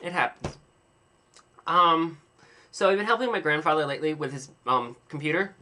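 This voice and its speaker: A man's voice: on the high side, expressive, normal speed, sharp tone, slight background noise. A young man rambling in a casual video diary, telling an exaggerated, dramatic story with playful self-mockery. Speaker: vlogger.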